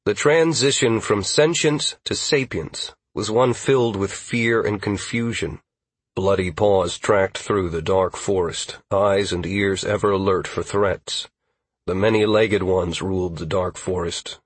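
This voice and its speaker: Low husky male audiobook narrator. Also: measured pace, no room sound.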